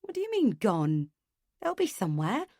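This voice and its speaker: A woman reading an audiobook, voicing a firm, reassuring man who talks in a calm, logical way. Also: medium pitch, normal speed, no echo, studio quality.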